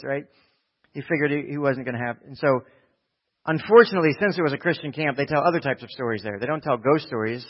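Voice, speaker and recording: Man from New Jersey preaching a sermon, middle pitch, shifting between soft asides and rousing calls, muffled lo-fi sound. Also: fast talker, husky. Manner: conversational, swings from quiet asides to loud exhortation. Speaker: pastor.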